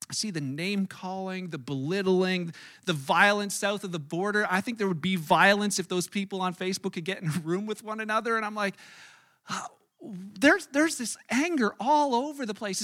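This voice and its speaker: Pastor guy telling funny stories in a sermon, really high voice, acts out the quotes. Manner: animated, self-mocking anecdotes with acted-out quotes. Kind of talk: storytelling sermon.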